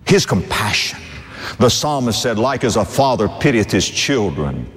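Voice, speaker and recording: An older man preaching a sermon as a pastor. He tells stories dramatically, dropping to soft low asides and rising to loud emphatic lines. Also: big pitch swings, normal speed. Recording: long hall reverb.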